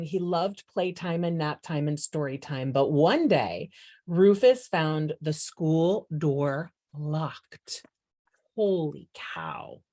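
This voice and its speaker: An older woman reading a children's picture book aloud in a gentle, expressive storytelling way. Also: lowish voice. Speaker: storybook reader.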